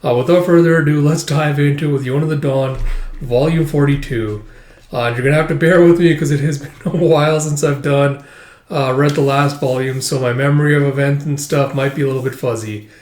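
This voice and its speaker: A man's voice: fairly high pitch, fairly even intonation, fairly quick. A man hosting a channel, walking through manga pages panel by panel in a casual, rambling read-through. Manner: shouts out character lines in a raised voice. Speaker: manga reviewer and channel host. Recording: echoey room.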